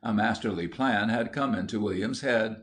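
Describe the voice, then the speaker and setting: A man reading a children's audiobook aloud in a steady, measured narration. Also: lowish voice. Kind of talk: scripted storybook narration.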